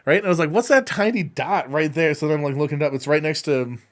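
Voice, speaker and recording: A man's voice: on the high side, fast talker. Rambling young man, casual podcast chat. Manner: rambling, lots of fillers and restarts. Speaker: podcast co-host.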